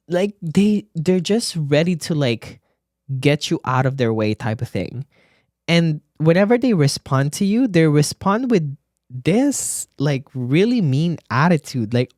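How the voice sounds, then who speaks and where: A man's voice: on the high side, big pitch swings, unhurried, a little mellow, no echo. A man, a nurse hosting his own podcast, chatting in a sassy, gossipy way straight to his listeners from a studio. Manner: sassy, chatty, calls listeners bestie and baby. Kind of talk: casual solo podcast chat. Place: recording studio.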